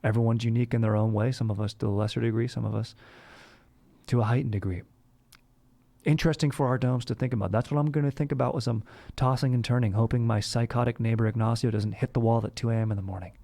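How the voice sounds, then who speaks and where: A man's voice: medium pitch, fairly even intonation, fast, vocal fry, dark tone. A young man hosting a comedy podcast, rambling in surfer-bro slang that is full of "dude" and restarts. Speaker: podcast host. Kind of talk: comedic bro-character monologue.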